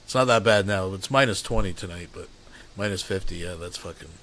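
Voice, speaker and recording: A man's voice: deep voice, a little fast, a bit bright. A man hosting a stream, commenting casually with rambling, profane remarks to his viewers. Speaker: streamer host.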